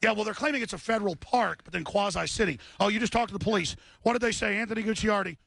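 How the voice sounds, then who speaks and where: Man, radio host, agitated, emphatic, repetitive, high gravelly voice. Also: fast talker, fairly bright tone, no echo. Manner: emphatic, repeats words, restarts often. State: worked up after a scuffle. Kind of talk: agitated live radio recounting. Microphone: studio radio mic.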